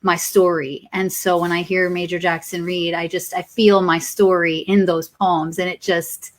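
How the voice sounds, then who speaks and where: A woman's voice: lowish voice, little pitch movement, normal speed. Gushing, emotional woman hosting. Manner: gushing, emotional, many fillers. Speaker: event host. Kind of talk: casual hosting.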